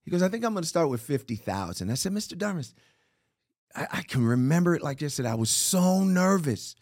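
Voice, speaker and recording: A man's voice: on the high side, brisk, dry recording, studio quality. A middle-aged man, an interview guest telling stories in casual talk and acting out the people he quotes. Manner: animated storyteller acting out quoted dialogue.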